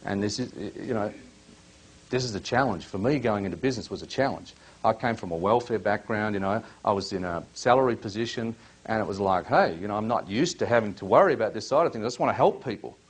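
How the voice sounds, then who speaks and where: A man's voice: lowish voice, expressive, fast talker. A man presenting a live workshop, chatty and full of questions, coaching people from the audience.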